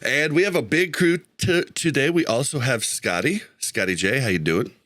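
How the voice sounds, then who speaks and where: A man's voice: medium pitch, animated, normal speed, fairly bright tone, no echo. A man hosting a casual gaming podcast over an online call, laughing easily and correcting himself as he goes. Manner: laughs often, loose and self-correcting. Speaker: podcast host.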